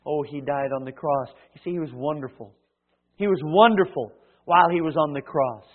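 A man preaching a sermon, swinging from loud emphatic lines to hushed ones and acting out little dialogues. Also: fairly high pitch, moderate pace. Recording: tinny phone-like sound.

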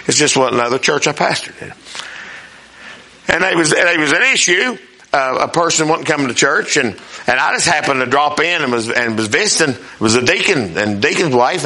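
High, bright-voiced preacher man. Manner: folksy storytelling preacher, swings between soft and loud. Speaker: pastor. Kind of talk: sermon.

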